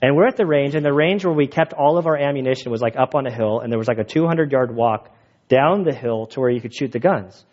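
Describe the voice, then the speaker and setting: A man preaching a sermon and telling his own stories in an animated, jokey way, laughing at his own stories. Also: medium pitch, fast talker, muffled recording. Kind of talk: sermon with personal storytelling.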